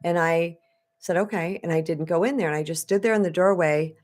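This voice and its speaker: A woman's voice: fairly low pitch, brisk, darkish tone. A woman spiritual coach from Arizona telling a personal story on a live stream, chatty and conversational, talking straight to her viewers.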